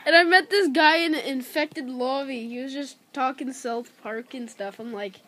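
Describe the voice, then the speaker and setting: A woman's voice: sits high, moderate pace, a bit bright. A woman chatting casually in an online game lobby, giggly and easily impressed.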